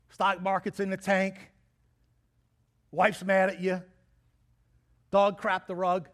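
High-voiced lively man preaching. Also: slow pace, long pauses. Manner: lively, joking preacher who acts out quotes. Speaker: pastor. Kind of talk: sermon.

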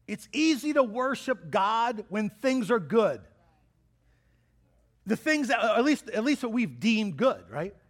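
A pastor preaching a sermon to his congregation, lively and joking, acting out what people say. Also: high-pitched, slow pace. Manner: lively, joking preacher who acts out quotes.

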